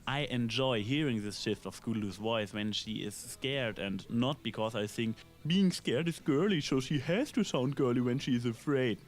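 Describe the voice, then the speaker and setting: A man reading a scripted episode review in a measured, analytical way, with dry asides. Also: mid-range voice, animated. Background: faint background music.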